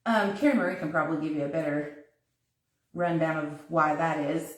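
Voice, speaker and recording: A woman's voice: deep voice, normal speed. A woman hosting a live crafting demo from her kitchen, chatting and giggling with viewers while she works. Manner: chatty, giggly, thinking aloud while working. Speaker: craft tutorial host. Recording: echoey kitchen, mic at a distance.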